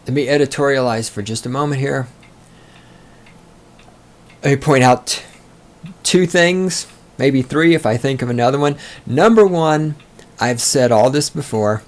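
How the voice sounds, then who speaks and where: Slow, sarcastic, profane male podcaster. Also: medium pitch. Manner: reads passages aloud, then mocks them. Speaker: podcast host. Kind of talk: solo book-discussion podcast.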